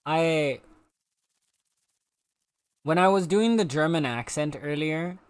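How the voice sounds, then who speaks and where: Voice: medium pitch, slow, clean tone, no echo. A game streamer chatting casually with viewers while playing, playful and teasing. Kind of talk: casual live-stream chat while gaming.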